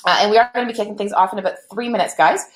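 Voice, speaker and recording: Speaking very fast in a mid-range voice, a young woman runs a live webinar and welcomes her viewers with cheerful, filler-heavy small talk. The casual stream-style chat is recorded in a room with noticeable echo.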